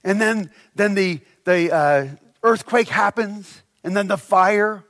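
High-voiced, animated man preaching. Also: slow. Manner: animated, humorous, acts out voices of people. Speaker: pastor. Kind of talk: sermon.

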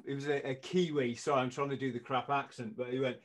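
A middle-aged man talks as a podcast guest. He tells anecdotes in a casual, lively way and punches out quoted lines as he acts them out. His voice sits in an ordinary middle register. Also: medium pitch, fast talker, few pauses. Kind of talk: storytelling in casual chat.

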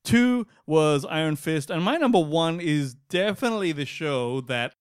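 Aussie bloke ranting on a podcast, pitch jumping all over, dry close sound. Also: male voice, normal speed, smooth, dry recording. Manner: animated, swearing, acts out quotes in mocking voices. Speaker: podcast co-host. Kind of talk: casual chat.

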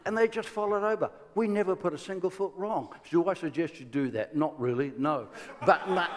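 A man with an Irish accent preaching a sermon, telling stories with lively energy, stumbling restarts and laughing asides. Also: fairly high pitch, fairly quick, slight background noise. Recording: long hall reverb.

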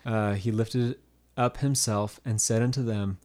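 A man co-hosting a faith-based podcast, telling a scripture story in a relaxed, animated way and acting out the voices in it. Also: lowish voice, a little slow. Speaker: podcast co-host. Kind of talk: casual faith-based chat.

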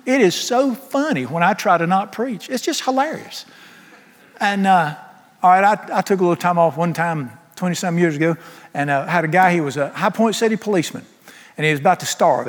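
A middle-aged preacher gives an emphatic, folksy sermon and breaks into humorous asides. His voice is a little high for a man, ringing with long reverb as in a large church hall.

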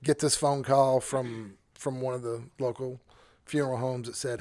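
A male pastor spins a story for his co-hosts, lively and self-interrupting, with chuckles along the way. His voice sits mid-range for a man. It is recorded close and dry, with no room sound. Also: mid-range voice, normal speed, hardly any pauses, no echo. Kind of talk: casual storytelling on a podcast.

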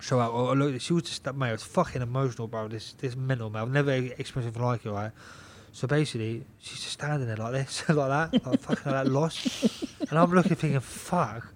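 A young man, a boxer on a podcast, telling a story in casual chat. He swears in nearly every sentence, repeats himself and keeps the telling lively. His voice sits at an ordinary middle pitch for a man. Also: brisk, few pauses. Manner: swears constantly, animated, repeats himself, laughs a lot. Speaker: podcast guest, pro boxer.

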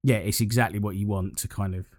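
A man talks through a casual gaming chat in a lowish voice, rambling and restarting his sentences as he gets enthusiastic. The sound is dry and close, with no room around it. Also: fairly even intonation, quick pace, a little mellow, no room sound.

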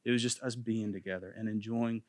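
A man's voice: lowish voice, fairly even intonation, fairly quick, darkish tone, dry recording. A man in his thirties giving an earnest, faith-based parenting talk, repeating phrases for emphasis. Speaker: parenting class teacher.

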